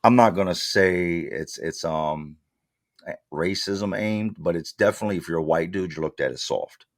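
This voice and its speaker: A man with a very low voice tells his story bluntly, using street slang and replaying old exchanges in his own words. The sound is close and dry, with no room echo at all. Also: moderate pace. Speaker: interview guest. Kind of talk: candid storytelling.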